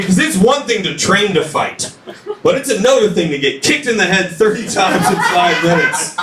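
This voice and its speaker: On a comedy club stage, a small-town man does a chatty stand-up routine, leaning on "like" and acting out quotes. His voice is medium-pitched, heard from far off in an echoey club room with background noise.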